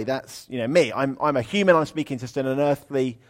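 Chatty preacher giving a sermon. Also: male voice, mid-range voice, brisk. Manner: chatty, humorous, animated when reading aloud.

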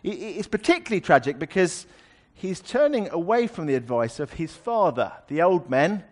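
A man's voice: a little high, sing-song, moderate pace. A man preaching a sermon, explaining a scripture passage in a conversational way with wry asides.

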